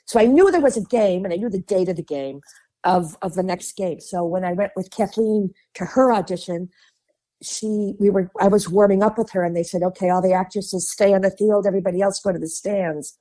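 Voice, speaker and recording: Speaking briskly in a mid-range voice, this Midwestern-accented woman from Chicago guests on a podcast. Her casual interview storytelling is lively and talkative, full of laughter and impressions of the people she quotes.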